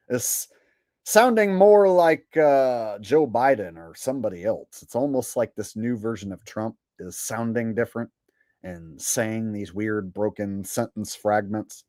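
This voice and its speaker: A man's voice: mid-range voice, slow, a little mellow, no echo, clean studio sound. Profane, boastful male livestream host. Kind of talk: casual livestream rant.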